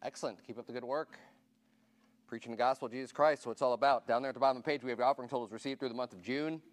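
A man's voice: medium pitch, fairly even intonation, rapid-fire. A man pastor giving casual church announcements to his congregation, informal and chatty, asking the room questions and counting raised hands.

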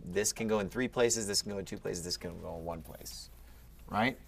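Male teacher, low register, encouraging one-on-one quizzing. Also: normal speed, vocal fry, a little hiss or hum. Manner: patient, quizzing, upbeat. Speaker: Ancient Greek teacher. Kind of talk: one-on-one lesson.

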